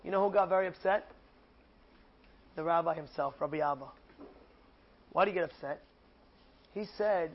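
High-voiced animated rabbi storyteller. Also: male voice, moderate pace, long pauses, lo-fi sound. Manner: animated, repetitive, emphatic. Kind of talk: storytelling Torah lesson.

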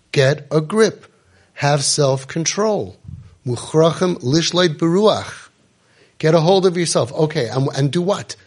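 Impassioned man coaching parents, fairly high voice. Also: slightly rough. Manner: preachy, emphatic, mixes in Hebrew and Yiddish terms. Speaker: parenting coach and podcast host. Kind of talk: impassioned talk to a live group.

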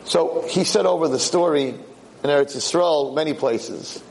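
A male lecturer tells a story with lively delivery, acting out the voices of the people in it. His voice sits a little high for a man, with a faint hiss behind it. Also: normal speed, low-quality recording. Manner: animated storyteller, acts out quotes. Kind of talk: sermon storytelling.

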